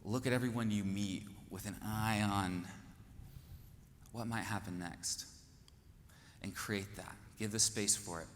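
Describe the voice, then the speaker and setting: A man's voice: fairly low pitch, steady tone, unhurried, pauses often. A man from Kansas hosting a conference, giving an earnest, rousing speech full of rhetorical questions on a stage microphone. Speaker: conference host. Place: large hall, on stage. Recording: echoey hall with faint noise.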